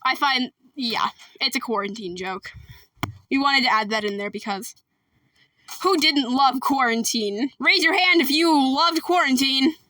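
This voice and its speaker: A woman chatting casually and quickly about her school musical, rambling and joking with lots of asides. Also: high-pitched, pushed and bright, no room sound, recorded from a distance. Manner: fast, rambling, jokey with lots of "anyways". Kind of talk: casual chat.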